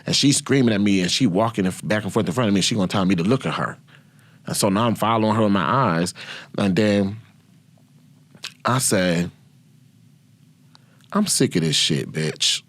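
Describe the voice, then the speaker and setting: A man hosting his own podcast, telling profane, animated stories about his past and laughing often. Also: on the low side, brisk, pauses often. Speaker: podcast host. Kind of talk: casual storytelling.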